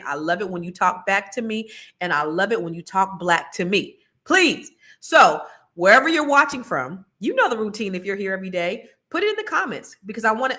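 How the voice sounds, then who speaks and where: A woman's voice: mid-range voice, pushed and bright. A woman, hosting a casual livestream and chatting animatedly with her viewers. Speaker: livestream co-host.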